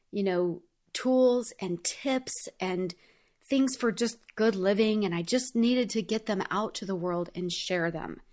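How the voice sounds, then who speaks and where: Earnest woman sharing a heartfelt story. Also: mid-range voice. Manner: earnest and heartfelt, chatty with frequent "like" fillers. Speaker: podcast host. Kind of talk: personal reflective monologue.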